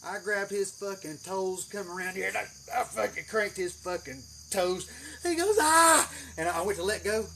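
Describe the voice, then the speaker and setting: A man telling a story in a casual, animated way, swearing heavily as he goes. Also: high-pitched, normal speed, gravelly, background noise. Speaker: channel host. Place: greenhouse.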